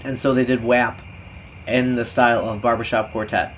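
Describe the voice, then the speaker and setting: Man, podcast co-host, mid-pitched, joking and casually profane, faint noise underneath. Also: flat delivery, normal speed. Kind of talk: casual chat.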